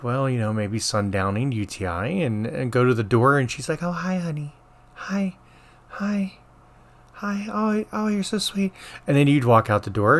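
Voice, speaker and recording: A middle-aged man, a podcast co-host and former nurse, telling a work story in casual chat, rambling with restarts and animated quoting. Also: lowish voice.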